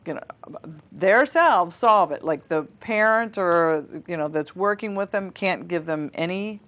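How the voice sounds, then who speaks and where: A woman's voice: on the low side, expressive, measured pace, fairly bright tone. A woman in her forties, a school foundation volunteer, talking casually in an interview with many fillers and restarts. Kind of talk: casual interview on local cable TV.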